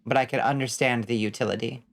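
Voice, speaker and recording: A woman's voice: rumbling low, steady tone, quick pace. A young adult woman streaming a game, chatting casually and reacting to chat in a wry, blunt way with some swearing. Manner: wry and blunt, reading chat aloud and riffing with frequent swearing.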